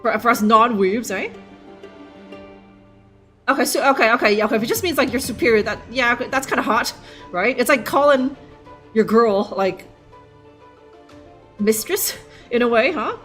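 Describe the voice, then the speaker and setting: A woman's voice: a little high, expressive, moderate pace, long pauses, a bit bright, faint music behind. A young woman streaming a game live, joking and rambling with lots of fillers. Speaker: livestream gamer. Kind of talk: casual live gameplay commentary.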